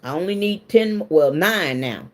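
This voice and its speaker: A woman's voice: lowish voice, expressive, unhurried. Woman, livestream host, casual chat, greets viewers by name, emotional, laughs a lot. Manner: emotional, confiding.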